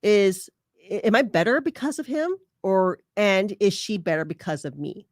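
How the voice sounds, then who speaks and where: A woman's voice: medium pitch, sing-song, normal speed, dry recording, studio quality. A woman hosting a casual advice podcast, chatty, laughing often and using many fillers. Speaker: podcast host.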